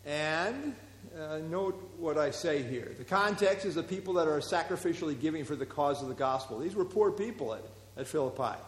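A man leads a Bible class, walking through the text and quizzing his listeners, his talk full of small fillers. His voice sits a little high for a man. The sound is roomy, with a long reverb trailing off each phrase. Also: expressive, moderate pace, slight background noise. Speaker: Bible study teacher.

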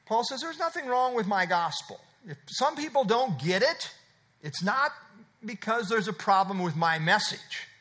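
A man's voice: sits high, lively intonation, moderate pace, bright, forceful tone. A man preaching a sermon, explaining scripture verse by verse with repeated emphatic phrases and frequent uh fillers. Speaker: pastor.

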